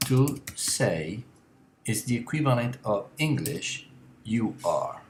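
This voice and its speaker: A man teaching an elementary language lesson on a screencast, explaining patiently and slowly with frequent uh and um. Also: on the low side, sing-song, echoey room, a little hiss or hum. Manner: slow, patient explaining with many uh and um.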